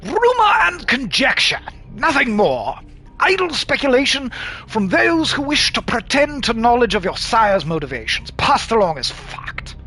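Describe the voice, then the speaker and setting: A man's voice: very high-pitched, huge pitch swings, measured pace, pushed and bright, faint music behind, voice pushed up, full character voice. A man putting on a posh old-fashioned London gent. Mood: dismissive. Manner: formal and reverent. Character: tall gaunt sonorous man speaking in a posh old London accent.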